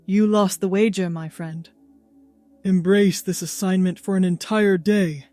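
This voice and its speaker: A woman voicing a smug, drawling young male roommate in an audio story, a little lower than her narration. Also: fairly even intonation, unhurried, mellow, no room sound, soft background music, close to an everyday voice. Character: Ryan, teasing young man roommate.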